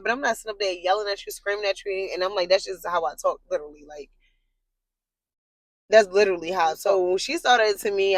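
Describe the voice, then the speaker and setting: A woman telling a long personal story straight to camera in a casual, rambling way, full of fillers and blunt swearing, getting animated when she's worked up. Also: dry recording, poor audio. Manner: animated, jumps high in pitch when worked up.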